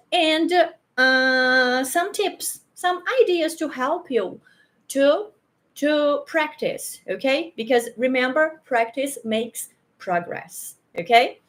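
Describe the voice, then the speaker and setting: A woman from Brazil with a Brazilian Portuguese accent, a native Portuguese speaker, giving a chatty online English pronunciation lesson and often checking in with "okay?". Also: sits high. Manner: chatty, slow and repetitive, frequent "okay?" checks. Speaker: English teacher. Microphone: handheld or clip microphone, sometimes moved away.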